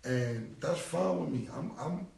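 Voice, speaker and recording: Gravelly New man, forty, blunt. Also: a little high, animated, measured pace, darkish tone. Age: 40s. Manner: blunt, repetitive, slangy. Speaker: interview guest. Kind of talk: casual interview talk. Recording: roomy, distant from the mic.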